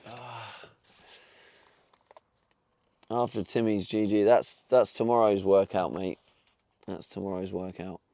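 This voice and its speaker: Male streamer, young, gravelly voice, dry close sound, banters and swears freely. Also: fairly low pitch, level tone, slow pace, pauses often, warm tone, no echo. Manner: chatty, swears, talks back to chat. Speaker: live streamer. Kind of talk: casual live-stream chat. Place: inside his van.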